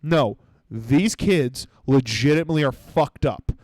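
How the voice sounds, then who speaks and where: A man's voice: medium pitch, a little slow, a little mellow, no room sound. A young adult man hosting a comedy podcast, ranting sarcastically with lots of swearing and mocking impressions. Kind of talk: comedic rant.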